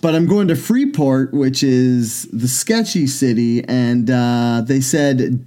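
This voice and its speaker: A young man co-hosting a casual comedy podcast, rambling and self-mocking, and jumping into silly high voices when he quotes people. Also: slow, few pauses, mellow. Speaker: podcast co-host.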